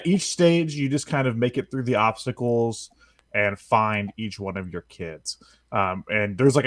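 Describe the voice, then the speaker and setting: A man's voice: lowish voice, a bit bright, no echo, clean studio sound. A man chatting casually on a gaming podcast, reviewing a game with lots of fillers and chuckles. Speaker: podcast co-host.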